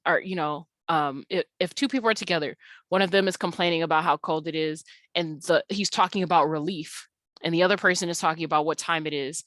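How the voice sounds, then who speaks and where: A woman's voice: lowish voice, a bit bright, no room sound. A woman teaching an English class in a recorded slide tutorial, explaining casually with lots of fillers and restarts.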